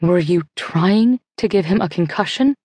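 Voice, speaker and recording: A sharp-tongued teenage girl from an audiobook thriller, cold and scolding, as a woman narrator plays her. The voice stays low and close, with a dry, direct sound. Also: lively intonation, moderate pace, no echo. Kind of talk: audiobook character voice.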